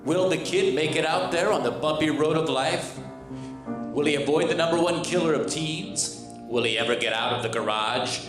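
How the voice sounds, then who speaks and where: A man's voice: a little high, moderate pace, lightly acted. A man voicing a portentous movie-trailer announcer on a live stage. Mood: dramatic. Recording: live stage with room echo and piano.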